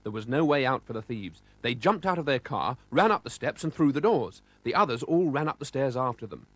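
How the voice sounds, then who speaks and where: A man's voice: mid-range voice, lively intonation, fairly quick, fairly bright tone, no room sound. A man with a British accent narrating a children's storybook expressively, voicing sound effects.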